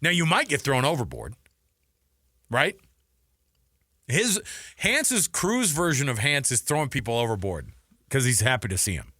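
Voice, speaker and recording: A man's voice: medium pitch, unhurried, pauses often, no echo, clean studio sound. A man co-hosting a sports radio show, chatting casually and telling stories with lots of laughter. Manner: animated, laughing storyteller. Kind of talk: casual sports talk chat.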